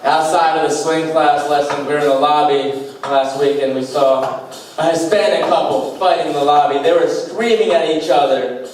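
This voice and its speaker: A young male comedian delivers deadpan one-liners with a slightly high voice. He sounds distant from the mic, and the small club around him rings with a heavy echo. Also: moderate pace. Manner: deadpan one-liners with self-deprecating asides. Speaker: stand-up comedian. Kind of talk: stand-up comedy set. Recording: echoey club heard from far off. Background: faint beatbox and room noise.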